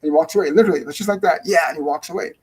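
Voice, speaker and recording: A man's voice: fairly high pitch, rapid-fire, a little mellow, slightly rough, poor audio. A middle-aged man hosting a live-stream spiritual Q&A, rambling and repeating phrases for emphasis. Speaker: spiritual medium, show host.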